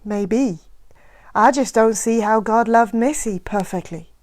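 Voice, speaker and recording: A woman reading aloud plays an anguished middle-aged father, loud and strained, pleading in a raised, ragged voice. Her pitch sits fairly high for the part, straining upward as he begs. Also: unhurried, dry recording, lightly acted. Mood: troubled. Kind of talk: live reading of a novel.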